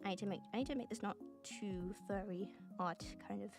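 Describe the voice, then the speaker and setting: While she draws on stream, a young woman with a neutral British accent rambles in casual conversation, giggling often and tossing out offhand swears. She speaks at a normal speed in a mid-range voice, with music playing underneath.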